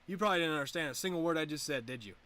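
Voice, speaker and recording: A young man rambles through a loose, swear-filled livestream chat while getting high. He keeps his voice lifted into a slightly raised, bright head voice, and his tone is sharp and forward. His delivery is laid-back and wandering. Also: expressive, rapid-fire. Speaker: livestream host. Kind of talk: casual stoner livestream chat.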